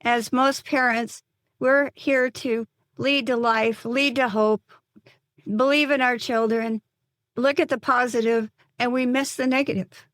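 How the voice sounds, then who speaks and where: An older woman, a psychotherapist and mother, telling a painful personal story in an interview, earnest and halting with many restarts. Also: on the high side, steady tone, fairly bright tone, dry recording.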